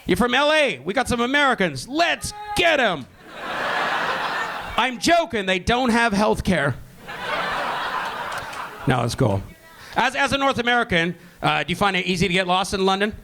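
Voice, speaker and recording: A brash, profane stand-up comedian from Vancouver, talking in a high voice on a comedy club stage. He speaks into a handheld mic, with faint noise around him. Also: big pitch swings, moderate pace, gravelly, long pauses. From Vancouver, Canada.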